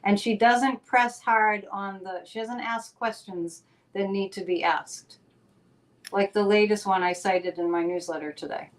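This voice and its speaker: A woman's voice: medium pitch, steady tone, unhurried. Chatty upbeat woman hosting a talk show. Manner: chatty, upbeat, rambling plugs. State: a bit out of breath. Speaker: psychic and show host. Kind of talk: casual chat with announcements.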